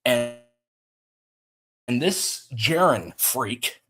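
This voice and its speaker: A livestream host, male, vents angrily about a feud, restarting many of his lines. His delivery is expressive and very slow, in a mid-range voice that is husky yet a bit bright.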